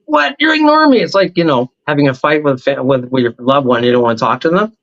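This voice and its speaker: A man speaking as a show guest, telling a long personal story in a rambling, animated way. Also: medium pitch, quick pace, muffled recording. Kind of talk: casual storytelling on a talk show.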